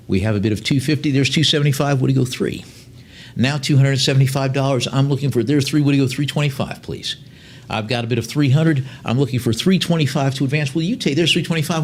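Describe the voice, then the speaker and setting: Man calling bids at a live auction. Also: mid-range voice. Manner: rapid bid calling mixed with slower, chatty lot descriptions and dry asides.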